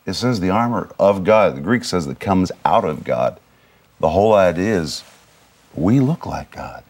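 A man's voice: low-pitched, expressive, moderate pace, a little mellow. A man co-hosting, chiming in to echo and affirm the other speaker. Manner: responsive, echoing and affirming the speaker. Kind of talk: affirming talk-show chat.

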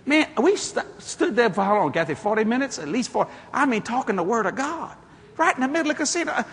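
High, lively preacher man in a hall. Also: quick pace. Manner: animated, folksy, builds to exclamations. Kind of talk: storytelling sermon. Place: church hall or auditorium. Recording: echoey hall with a congregation.

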